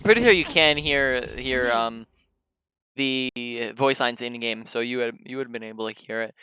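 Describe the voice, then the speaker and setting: A man's voice: mid-range voice, moderate pace, bright, forceful tone, a little hiss or hum. A man coaching a player through a gameplay review, explaining at length with frequent ums and restarted sentences. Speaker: game coach.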